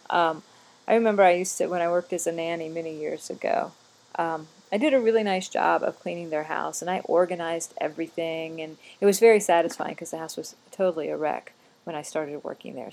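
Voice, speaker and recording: A woman's voice: lowish voice, gravelly, a little mellow. A middle-aged woman chatting casually, rambling from one aside to the next with a chatty, digressive manner.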